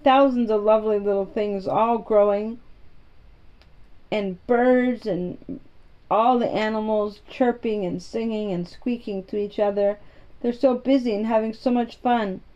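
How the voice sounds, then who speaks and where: A woman's voice: mid-range voice, fairly even intonation, measured pace, muffled recording, lightly acted. A woman doing a blunt, contrary young girl. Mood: earnest. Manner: plain-spoken, earnest storytelling.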